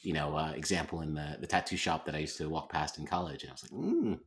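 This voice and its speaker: Very deep-voiced halting male co-host. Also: fairly even intonation, fairly bright tone. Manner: halting, repeats words, dry jokes. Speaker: podcast co-host. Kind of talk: casual chat.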